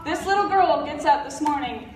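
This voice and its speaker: On a convention stage, a middle-aged woman whose voice sits high speaks at normal speed, bluntly and passionately, with plenty of jokes, though she sounds stuffed up. Crowd noise fills the roomy, distant audio from the big hall.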